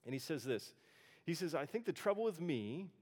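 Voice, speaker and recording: A man's voice: a little high, big pitch swings, normal speed, darkish tone. A man preaching a sermon in an earnest, conversational way, with frequent restarts and fillers. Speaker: pastor. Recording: long hall reverb.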